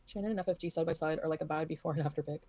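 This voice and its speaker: A woman's voice: deep voice, steady tone, racing, dark tone. A woman livestreamer ranting in casual chat, blunt, profane and dismissive.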